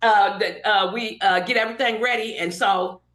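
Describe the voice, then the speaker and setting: Animated woman telling a story. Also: mid-range voice, normal speed. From Inglewood, California. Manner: animated, acts out quoted voices. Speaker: guest hairstylist. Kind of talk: storytelling in casual podcast interview. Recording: roomy echoey room.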